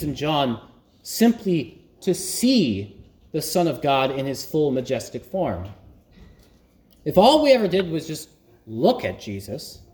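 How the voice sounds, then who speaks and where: A man preaching a sermon as pastor, slow and emphatic with long pauses. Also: a little high, a little mellow, roomy sound.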